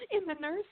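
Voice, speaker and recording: A woman's voice: very high voice, dry recording. A woman from Texas, a guest author, telling funny personal stories in a casual chat and laughing often. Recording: tinny phone-like line, dry.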